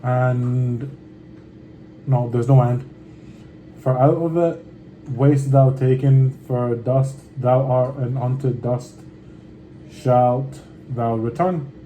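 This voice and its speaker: Very mellow-voiced man reading scripture. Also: mid-range voice, steady tone, a little hiss or hum, rough recording. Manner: deliberate reading with slangy offhand comments. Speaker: scripture reader. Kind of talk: reading scripture aloud with casual asides.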